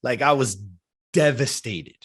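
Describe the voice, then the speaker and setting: A man's voice: medium pitch, measured pace, a bit bright. A man in his fifties, a podcast guest, recounts a personal story with an ordinary mid-range voice. He is heartfelt and casual, leaning on "like" and "right?" as he talks. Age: 50s. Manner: heartfelt, casual, checks in with "right?" and "you know?".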